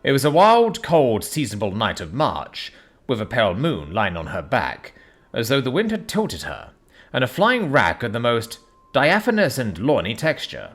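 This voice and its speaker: A man giving a dramatic, expressive scripted narration of an audiobook. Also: medium pitch, normal speed.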